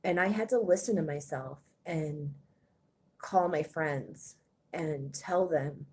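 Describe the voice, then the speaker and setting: A woman born in Germany, speaking hesitantly with many pauses in a personal confessional vlog, a little out of breath. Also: low voice, darkish tone, a little hiss or hum. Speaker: vlogger.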